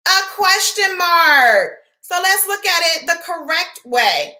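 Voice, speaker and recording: A woman's voice: very high voice, sing-song, slow, bright, forceful tone. A woman teacher giving an online literacy lesson to young children, asking questions and answering them herself in an encouraging way.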